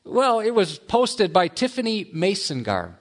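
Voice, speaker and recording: A man preaching a sermon, mixing quick asides with slow, emphatic lines. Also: sits high, huge pitch swings. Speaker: pastor.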